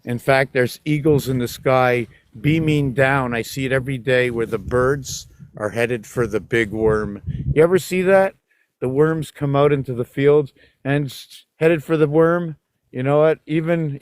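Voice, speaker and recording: A man's voice: mid-range voice, steady tone, normal speed, no room sound. Casting: man, rambling outdoor dog-walk vlogger, muses aloud, scolds his dogs in exasperation. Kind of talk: rambling walking vlog.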